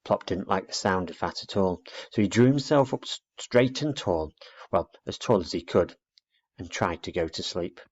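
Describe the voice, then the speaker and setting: A man narrating a children's storybook aloud in an expressive read-aloud manner, dull lo-fi recording. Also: sits low, moderate pace.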